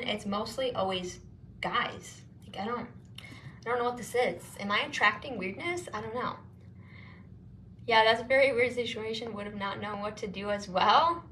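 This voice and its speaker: A woman's voice: medium pitch, sharp tone, slight background noise. A young woman vlogging while doing her makeup, telling a long story in a chatty, rambling way, saying "like" constantly and acting out her side of the conversations. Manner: calls herself non-confrontational, rambling and exasperated.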